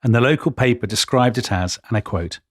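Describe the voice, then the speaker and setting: A man's voice: medium pitch, a little fast, breathy edge, no room sound, studio quality. A man, co-hosting a history podcast, telling stories with enthusiasm and quoting old accounts with gusto. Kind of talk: storytelling history chat.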